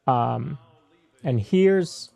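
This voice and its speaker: A man co-hosting a casual podcast, easygoing and quick to laugh as he walks through a list of topics. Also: medium pitch, animated, vocal fry, mellow, dry recording. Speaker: podcast co-host.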